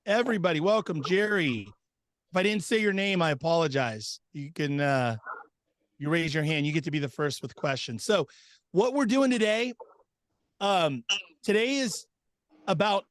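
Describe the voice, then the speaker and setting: An upbeat man hosts a casual group video call, welcoming everyone by name in a loose, chatty way. His voice sits a little high, and the sound is dry and close with no room around it. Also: a bit bright, dry recording. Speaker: host of a members' video call.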